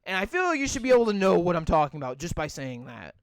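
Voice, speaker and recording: Young man, high clear voice, dry close mic, casual rambling, lots of swearing. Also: very animated, fast talker, no room sound. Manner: rambling, swears a lot, many "like" fillers. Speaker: podcast co-host. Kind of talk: casual profane chat.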